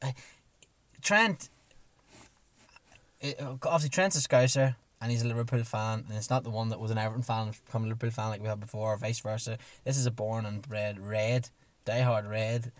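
A man co-hosting a casual football chat, excitable and slightly hoarse, acting out his own shouts as he tells a story. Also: fairly low pitch, a little fast, dry recording. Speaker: podcast co-host.

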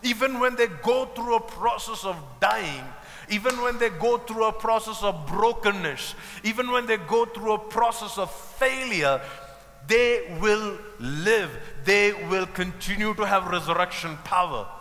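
A man preaching a sermon, emphatic and lively, acting out the people he quotes with humor. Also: sits high, a little slow, big-room sound.

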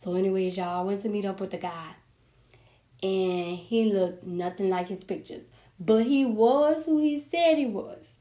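A woman's voice: medium pitch, unhurried, warm tone, echoey room. A woman hosting her own podcast, chatting casually and with animation, laughing as she tells personal stories. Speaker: podcast host. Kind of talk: casual solo podcast chat.

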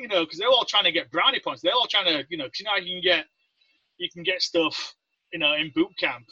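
A man's voice: high-pitched, quick pace, husky, dry recording. A man from Leeds with an English accent, telling stories as an interview guest and acting out the people he quotes. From Leeds, England. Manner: animated, acts out quoted voices. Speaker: guest, Navy veteran. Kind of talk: casual interview storytelling. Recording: dry, dull lo-fi sound.

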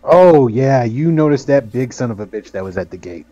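A man's voice: medium pitch, lively intonation, moderate pace, warm tone, highs cut off. A man narrating as game master in a tabletop game, rambling with many fillers.

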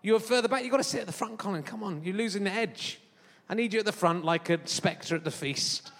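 A man's voice: high-pitched, fast, a bit bright. A man in his fifties hosting a comedy podcast live on a theatre stage, chatting in a rambling, self-mocking way with lots of fillers. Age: 50s. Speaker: podcast host performing live. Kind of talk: rambling comic stage chat. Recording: long theatre-hall reverb.

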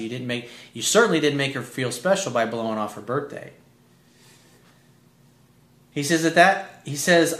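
A man coaching a listener on dating in a blunt, casually profane way, reading out the letter and answering it point by point. His voice sits at a middle pitch. The room adds a noticeable echo. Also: a bit bright. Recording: roomy echo.

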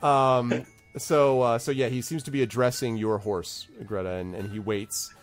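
A man narrating as game master of a tabletop game, rambling and halting with many fillers. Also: medium pitch, fairly even intonation, faint music behind.

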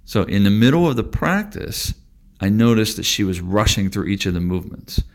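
Male Tai Chi instructor, very low voice, calm and deliberate delivery. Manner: calm, deliberate, stretches words for emphasis. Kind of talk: spoken teaching monologue.

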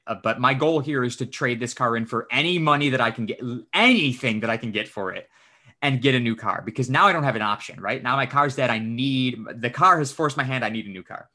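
A man hosting a podcast, telling a story in casual chat, animated and swearing often as he acts out what he said. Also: medium pitch, a little fast. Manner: animated, swears often, acts out his own quoted lines. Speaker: podcast host.

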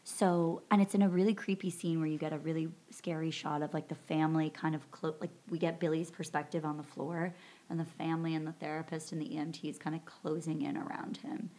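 Low-voiced woman recapping a film casually. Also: flat delivery, fairly quick, warm tone. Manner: rambling recap full of fillers and "like". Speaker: podcast host recapping a film. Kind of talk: casual chat.

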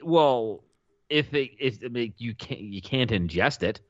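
A man's voice: mid-range voice, lively intonation, unhurried, no room sound, highs cut off. A man co-hosting a podcast, reading news with sarcastic commentary and frequent laughs. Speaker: podcast co-host. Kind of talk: casual chat and news commentary.

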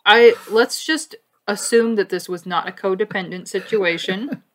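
Chatty woman podcaster, mid-pitched. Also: moderate pace. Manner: animated, laughs often, conversational. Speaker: podcast co-host. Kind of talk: casual chat about a cartoon.

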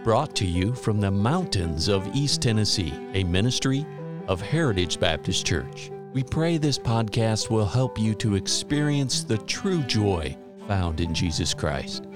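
Slow low-voiced announcer over music. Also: male voice, very animated. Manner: slow, measured introduction. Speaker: show announcer. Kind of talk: scripted announcement.

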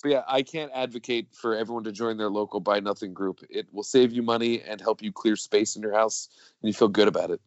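A man's voice: on the low side, fast, dry recording. A man co-hosting a podcast in casual chat, rambling with lots of fillers and jokes. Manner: rambling, filler-heavy, jokey. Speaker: podcast co-host. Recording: dull lo-fi dry sound.

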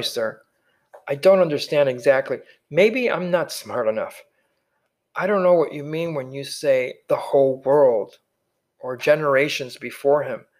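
Man reading as polite young apprentice boy, tentative, apologetic, a bit higher voice. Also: natural voice. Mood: confused.

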